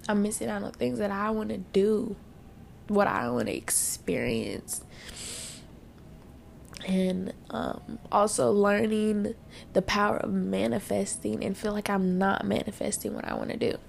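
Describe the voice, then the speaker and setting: A woman's voice: mid-range voice, animated, a little slow, creaky, slight background noise. A young woman hosting a podcast, venting bluntly through tears and sniffles in a casual monologue, swearing freely. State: tearful, sniffling. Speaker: podcast host.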